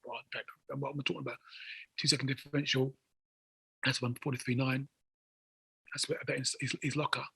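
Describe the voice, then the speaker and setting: A man, talking as an interview guest in excitable bursts, repeating words as he builds to near shouts. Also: medium pitch, brisk, gravelly, pauses often, slightly rough. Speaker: guest athlete. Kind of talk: casual interview chat.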